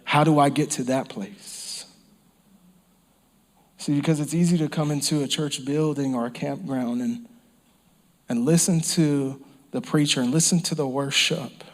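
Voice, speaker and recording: A man's voice: fairly high pitch, steady tone, measured pace, pauses often. A man preaching a sermon as pastor, impassioned, repeating phrases and sometimes dropping to a whisper. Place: church or campground service.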